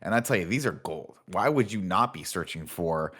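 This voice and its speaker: Deep-voiced man rambling on a podcast. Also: lively intonation, normal speed, fairly bright tone, breathy edge. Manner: rambling, laughs often, swears. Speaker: podcast co-host. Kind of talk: casual chat.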